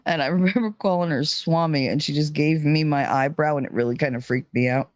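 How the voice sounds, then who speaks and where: A woman hosting her own channel gives a casual monologue retelling a dream, rambling and candid with lots of filler words and the odd swear. Her voice is low-pitched and brisk with few pauses, and the recording is dry.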